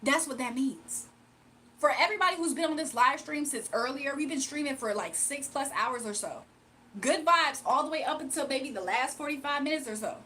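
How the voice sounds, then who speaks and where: This young woman's livestream rant is heated and forceful, full of repeated, emphatic points aimed right at her chat. She speaks briskly in a high, animated, bright voice, and there's slight background noise.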